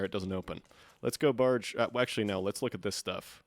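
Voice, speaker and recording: A man's voice: fairly low pitch, fairly quick, vocal fry, few pauses, no room sound, studio quality. A man streaming a game, giving casual commentary in a sarcastic, joking way.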